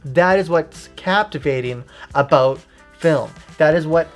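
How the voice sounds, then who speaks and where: A woman's voice: low voice, a little slow, faint music behind. A woman talking through a casual, opinionated video essay, informal and loose with fillers.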